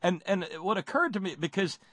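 A man's voice: high-pitched, animated, brisk, pushed and bright, no room sound. A man hosting a casual talk show, joking and teasing his co-hosts in easygoing banter. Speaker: show host.

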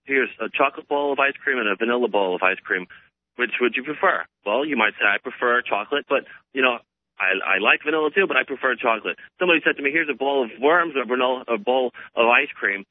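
A man's voice: mid-range voice, quick pace. A man calling in to a talk radio show, rambling eagerly from one topic to the next. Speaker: caller. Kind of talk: phone-in call. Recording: dry, tinny phone line.

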